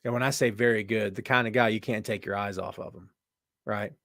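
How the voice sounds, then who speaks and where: A man's voice: lowish voice, fairly even intonation, a little fast, a bit bright, no echo, clean studio sound. A man hosting a casual live show, chatting and joking as he reads viewer comments aloud. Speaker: podcast host. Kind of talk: casual live-stream chat.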